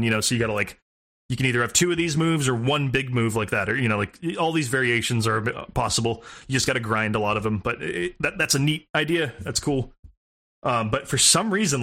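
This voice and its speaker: A man's voice: mid-range voice, fairly bright tone. A man co-hosting a casual gaming podcast, rambling, swearing and laughing as he talks. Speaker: podcast co-host.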